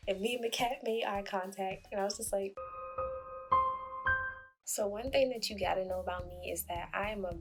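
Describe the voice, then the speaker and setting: A young woman casually telling a story to camera, chatty and quick to laugh, acting out what people said, over faint music. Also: mid-range voice. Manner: chatty, laughing, acts out quotes. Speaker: vlogger.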